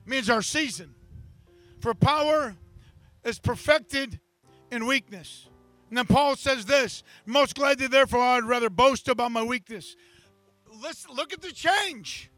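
A man preaching a sermon at an outdoor beach service, impassioned, rising to shouts at the peaks. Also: extremely high pitch, unhurried, dry recording, soft background music. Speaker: pastor.

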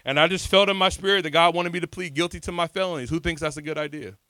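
A man preaching a sermon at an outdoor beach service, telling his own testimony with passion and big swings in loudness. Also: a little high, fast, clear, resonant tone, dry recording.

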